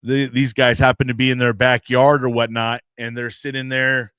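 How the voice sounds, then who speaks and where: A man's voice: mid-range voice, normal speed, clean tone, no room sound, studio quality. A young American man, a podcast host, rambling through a casual story and acting out what other people said. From United States. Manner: rambling, animated storyteller acting out quoted voices.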